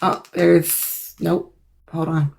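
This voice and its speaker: A woman's voice: low-pitched, little pitch movement, drawn-out words, creaky, a little mellow, a little hiss or hum. A woman hosting a live stream, chatting casually with viewers and apologizing as she looks for clips. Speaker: livestream host reacting to a reality show. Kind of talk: casual live reaction chat.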